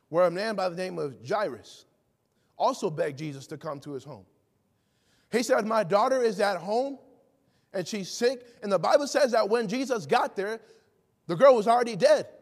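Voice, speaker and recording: A man's voice: high voice, animated, moderate pace, creaky, long pauses. A man preaching a sermon, emphatic and full of rhetorical questions, acting out the people he quotes. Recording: long hall reverb.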